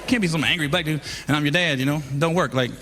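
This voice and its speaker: A man doing a stand-up routine, telling animated stories about his family with shouted punchlines. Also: fairly high pitch, fast talker, long reverb tail, music in the background. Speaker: stand-up comedian.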